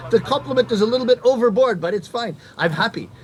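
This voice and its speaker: High-voiced man telling comic stories. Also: quick pace, background noise. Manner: animated, acts out voices and punchlines. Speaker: rakugo comedian. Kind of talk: stand-up storytelling to a live audience.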